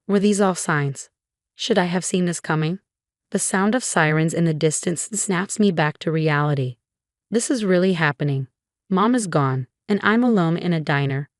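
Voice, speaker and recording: A woman narrates a first-person story in a steady, even read. Her voice sits a little low. The sound is close and completely dry. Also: dry recording. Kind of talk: scripted narration.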